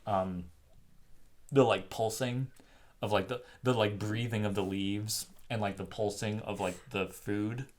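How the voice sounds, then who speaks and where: A young man co-hosting a casual film review, retelling the plot in an animated way with lots of fillers and laughter. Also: lowish voice, unhurried.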